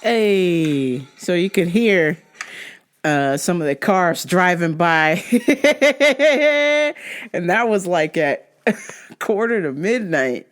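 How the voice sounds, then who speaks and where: A woman hosting her own show, talking in a loose, animated monologue and swearing freely, with laughs between remarks. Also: fairly low pitch, extremely slow. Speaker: podcast host and DJ. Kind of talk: casual monologue.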